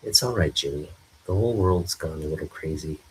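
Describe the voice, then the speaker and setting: A man voicing a worried young woman reporter, soft and pondering, reading a comic aloud. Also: a bass voice, brisk, slight background noise, rough recording.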